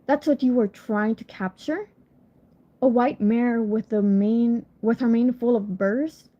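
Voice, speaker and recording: A woman's voice: on the high side, unhurried. A woman voicing a proud, ageless female unicorn in a storybook reading, speaking with dignified scorn. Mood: scornful. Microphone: phone. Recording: lo-fi phone recording.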